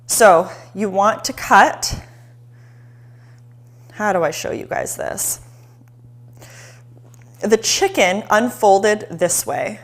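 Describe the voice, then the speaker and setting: A woman hosting a live-streamed cooking demo in a home kitchen, chatty and excitable, talking straight to her viewers. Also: medium pitch. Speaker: cooking show host.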